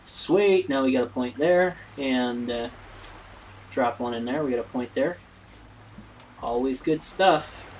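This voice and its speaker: A man's voice: mid-range voice, slow pace, long pauses, slight background noise, low-quality recording. A man hosting a let's play, rambling in casual gameplay commentary and poking fun at himself. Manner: rambling, self-deprecating, lots of fillers.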